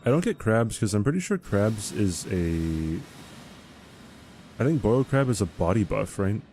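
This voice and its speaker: A man's voice: lowish voice, sing-song, moderate pace, mellow, slight background noise. A man streaming a game live, chatting casually and answering chat questions in a rambling, easygoing way.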